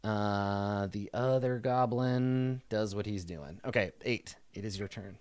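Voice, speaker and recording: A man's voice: lowish voice, unhurried, a little mellow, clear, resonant tone. A man running a tabletop game as dungeon master, talking through rules and narrating what the enemies do. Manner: explains rulings and actions conversationally.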